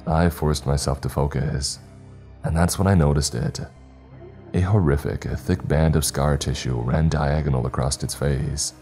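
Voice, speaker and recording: Man, horror story narrator, extremely low voice, dark tone, measured dramatic delivery. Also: steady tone. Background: faint background music.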